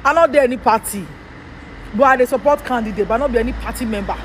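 A man's voice: very high-pitched, fast talker, a little hiss or hum. A man from Edo State with a Nigerian Pidgin accent, delivering a fired-up political rant full of rhetorical questions as a vlogger.

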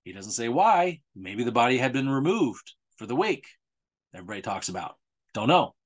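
Man, mid-pitched voice, casual history talk, sarcastic, repeats for emphasis. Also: sing-song, moderate pace. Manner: sarcastic, conversational, with emphatic repetition. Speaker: author presenting a history series. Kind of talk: casual spoken presentation.

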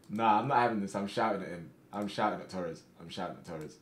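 A young man live-streaming a football manager game, reacting loudly to matches and chatting with his viewers. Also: on the low side, fast, hardly any pauses, echoey room. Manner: excitable, shouts at players during matches, calmer while managing.

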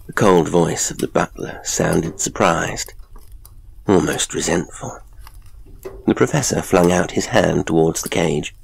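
A man reads a classic horror tale in a measured, atmospheric storytelling voice. His tone sits very low, with a gravelly fry. A husky roughness runs through every line. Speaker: narrator. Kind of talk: scripted horror audiobook narration.

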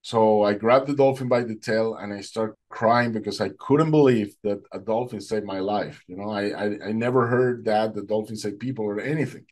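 A man giving a personal faith testimony, telling his story in an animated way and acting out what people said. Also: lowish voice, normal speed, hardly any pauses. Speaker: testimony speaker.

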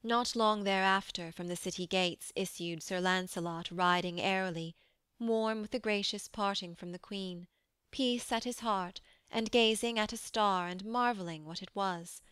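Lady narrating an old poem audiobook, solemn and measured, slow smooth voice, dry close sound. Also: medium pitch, fairly bright tone, dry recording. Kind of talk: scripted narration of a verse poem.

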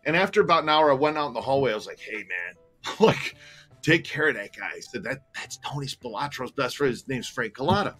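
A man with a bright, forceful voice tells a long story in loose conversation. He rambles, circles back, and swears freely, and his feelings show as he goes. Faint music sits low behind him. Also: expressive, fast talker. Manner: candid, rambling, swears freely, grows emotional. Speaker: tour operator telling a story. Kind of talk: casual storytelling chat.

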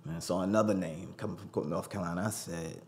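A man's voice: sits low, fast talker, a little hiss or hum. A man telling a personal story as a studio guest, acting out the voices he quotes. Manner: animated, acts out quoted voices. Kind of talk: storytelling interview.

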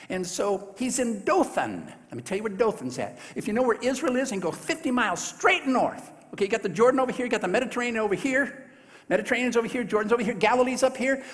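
A high-voiced man preaching with a lively, swooping delivery. He tells the story in a folksy, joking way, slipping into the characters' voices. His voice rings with the long reverb of a large hall. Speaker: pastor. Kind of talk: sermon. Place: large church sanctuary.

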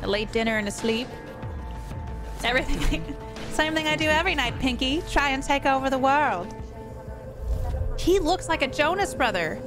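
A woman's voice: fairly high pitch, low-quality recording. A woman streamer giving live commentary on a game, laughing hard and exclaiming at the screen. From US East Coast.

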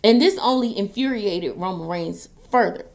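Animated woman recapping a wrestling match. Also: mid-range voice, normal speed, vocal fry. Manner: animated storytelling, quoting wrestlers in a raised voice. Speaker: beauty and wrestling vlogger. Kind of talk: casual recap while doing makeup.

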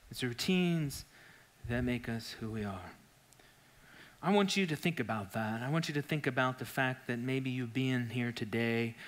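A man's voice: medium pitch, a bit bright. A man in his forties preaching a sermon in church, telling a story with animation and often asking whether the listeners follow him. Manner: keeps asking the crowd "right?" and "you follow me?". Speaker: pastor.

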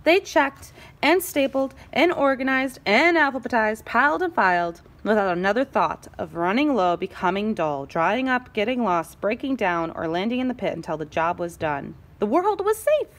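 A woman teacher reading a picture book aloud to her class, expressive, with gasps and dramatic pauses. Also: fairly high pitch.

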